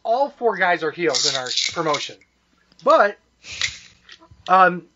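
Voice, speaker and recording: A man's voice: high-pitched, big pitch swings, slow, dull audio, heavy background noise. A man co-hosting a wrestling podcast who explains backstory casually, swearing now and then. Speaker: podcast co-host. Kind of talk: casual chat watching wrestling.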